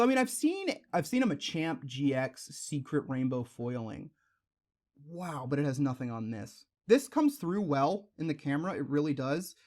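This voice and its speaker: A young man hosting a card-opening video, rambling in casual asides and exclaiming over shiny pulls. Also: mid-range voice. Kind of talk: casual pack-opening chat.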